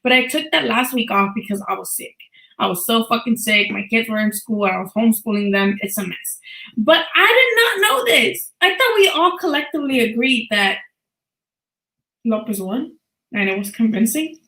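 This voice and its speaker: A woman's voice: on the high side, lively intonation, moderate pace, sharp tone, echoey room, poor audio. A woman in her thirties hosting a live boxing talk stream, chatting casually and bluntly, swearing freely and laughing often.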